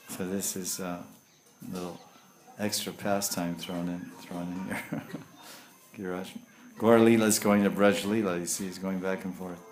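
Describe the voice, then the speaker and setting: Man, spiritual teacher, sermon storytelling, rambling, low-pitched, echoey room. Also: slight background noise. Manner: relaxed, rambling, with hesitations.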